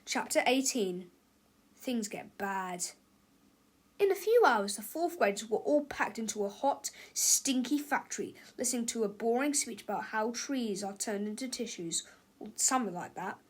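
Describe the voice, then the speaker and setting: A woman reading a children's storybook aloud with a lively, expressive delivery. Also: on the high side, normal speed, husky.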